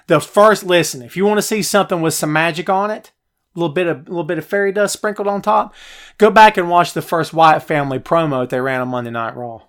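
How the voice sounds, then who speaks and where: A middle-aged man hosting a live stream from his home office, chatty and animated as he answers viewer comments. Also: fairly high pitch. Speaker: podcast host. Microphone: headphones, phone nearby.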